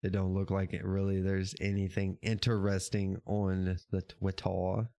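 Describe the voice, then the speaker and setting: Low-pitched, monotone and unhurried, this man's voice has vocal fry and a dark tone, recorded studio-clean without echo. Hosting a laid-back livestream show, he rambles through his live chat, laughing frequently and swearing occasionally.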